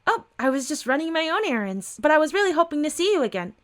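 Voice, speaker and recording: A woman voicing a chatty, eager young woman with a bright, upbeat manner. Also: sits high, very animated, fast talker, pitched above the performer's own voice.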